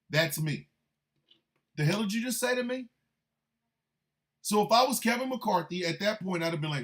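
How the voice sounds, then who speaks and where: A man hosting a radio show, a military veteran, delivering a profane, confrontational monologue that swings from low, menacing threats to shouted outbursts. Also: very animated, moderate pace. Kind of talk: heated monologue rant.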